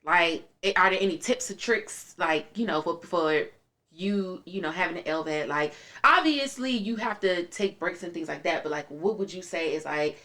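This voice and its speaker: A woman's voice: lowish voice, normal speed. Supportive woman hosting a casual podcast. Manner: supportive, asks questions in a relaxed, conversational way. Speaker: podcast host. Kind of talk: casual chat.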